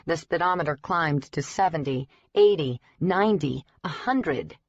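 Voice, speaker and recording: A woman reading a first-person audiobook in a steady, even storytelling delivery. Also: low-pitched, measured pace, no room sound. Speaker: audiobook narrator. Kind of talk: scripted first-person narration. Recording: dry, slightly dull recording.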